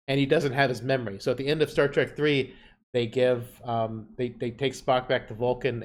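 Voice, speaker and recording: A man co-hosting a podcast, explaining things in a chatty, playful way. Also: medium pitch. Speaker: podcast co-host. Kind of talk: casual chat.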